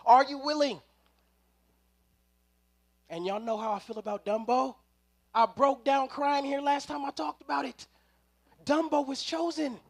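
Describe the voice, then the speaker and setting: A man preaching a storytelling sermon at a live service, animated and swinging from loud bursts to hushed tones. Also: very high-pitched. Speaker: preacher at a spiritual center.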